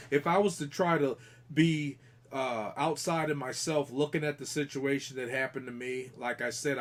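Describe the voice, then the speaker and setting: A man on a podcast earnestly telling, in detail, about a ghostly encounter during an investigation, often restarting his sentences. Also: mid-range voice. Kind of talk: casual podcast storytelling.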